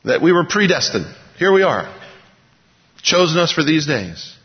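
A man preaching a sermon, reading scripture slowly and building to emphatic bursts. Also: on the high side, sing-song, slightly rough. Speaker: pastor. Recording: dull, lo-fi with long hall reverb.

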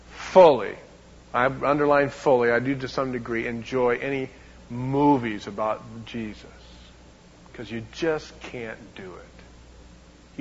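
A man preaching a sermon as a pastor, emphatic, swinging between loud and hushed, often repeating words. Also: mid-range voice, highs cut off, slight background noise.

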